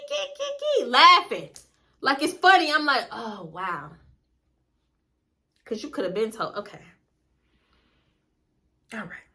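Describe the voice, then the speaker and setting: A young woman vlogger telling a story in blunt, profane, animated casual chat. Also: a little high.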